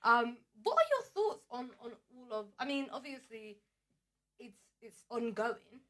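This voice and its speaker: A woman's voice: on the high side, sing-song, a little slow, fairly bright tone. A woman co-hosting a podcast, talking animatedly with frequent laughs and rhetorical questions. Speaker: podcast co-host. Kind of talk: casual chat.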